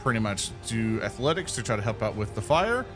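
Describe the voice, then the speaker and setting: A man's voice: lowish voice, very animated, fairly quick, over music. A man playing in a tabletop game, good-naturedly arguing rules and explaining the mechanics of his turn. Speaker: player. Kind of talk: casual table chat.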